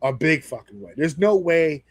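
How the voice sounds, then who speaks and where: Man, podcast co-host, casual wrestling talk, high voice, profane, animated, exaggerated quotes, dry close sound. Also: moderate pace, no room sound.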